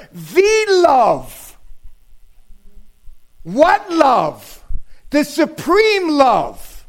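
A male pastor preaching a sermon, emphatic, swinging from loud shouted lines down to quiet asides. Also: very high-pitched. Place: church sanctuary.

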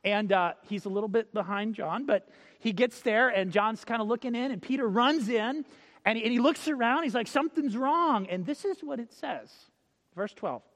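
A male preacher giving a sermon, telling stories, acting out quotes and reading scripture slowly. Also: sits high, fairly bright tone, in a large hall. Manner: storytelling, acts out quotes, reads scripture slowly.

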